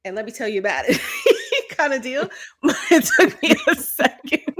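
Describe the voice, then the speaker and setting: Animated, laughing woman in casual chat. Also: high voice, moderate pace, a little hiss or hum. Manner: candid and animated, laughs often, swears freely, acts out her own outbursts. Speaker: podcast co-host.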